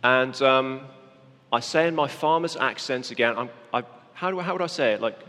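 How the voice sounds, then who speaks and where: A man's voice: medium pitch, brisk, bright, forceful tone, in a large hall. A man preaching a children's talk, coaxing young volunteers through a parable they act out on stage. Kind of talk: sermon with volunteers acting a parable.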